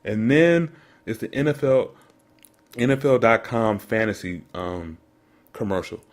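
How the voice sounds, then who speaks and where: A man's voice: lowish voice, unhurried. Man, podcast co-host, sarcastic, incredulous, casual commentary. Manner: mocking, incredulous, jokey. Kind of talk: casual sports commentary rant.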